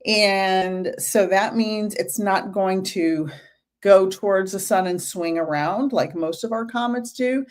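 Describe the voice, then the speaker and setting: A woman's voice: mid-range voice, takes it slowly. Chatty woman hosting a live stream. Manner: chatty, greets viewers by name. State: a little out of breath. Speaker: medium and live stream host.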